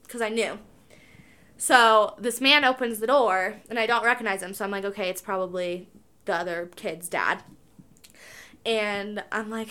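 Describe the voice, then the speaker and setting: A young woman co-hosting a podcast, telling a story in casual chat, animated and full of "like". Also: medium pitch, clear, resonant tone. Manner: animated, filler-heavy storytelling with lots of "like". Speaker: podcast co-host.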